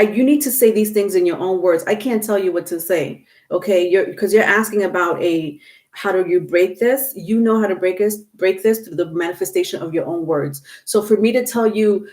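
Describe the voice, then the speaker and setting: A woman's voice: mid-range voice, a little mellow. A woman giving a casual tarot reading to her viewers, chatty and instructive, with many fillers and restarts. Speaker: tarot reader.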